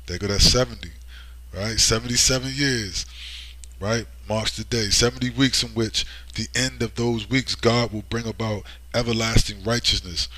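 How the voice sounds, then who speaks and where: A man's voice: mid-range voice, fairly bright tone, no room sound. A man delivering a preachy vlog monologue with emphasis, often asking "right?" as he speaks. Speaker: online commentator.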